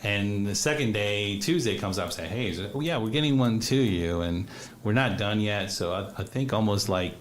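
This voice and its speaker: A man, an actor and casting director, telling lively anecdotes in a casual interview with frequent laughter. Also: fairly low pitch, moderate pace, a little hiss or hum. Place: radio studio or streamed call.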